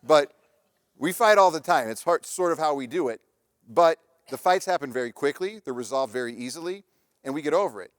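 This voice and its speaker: Fairly quick and animated, with a voice on the high side, this married father presents a live relationship and parenting talk. His tone is clean and dry with no echo, and he tells casual anecdotes, restarting often.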